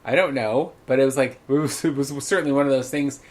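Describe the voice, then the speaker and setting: A man co-hosting a podcast tells stories plainly and candidly, his speech sprinkled with swearing. His voice sits in an ordinary middle pitch, and his delivery is relaxed and conversational. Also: fast talker. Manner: candid, profane storytelling. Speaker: podcast co-host. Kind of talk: casual chat.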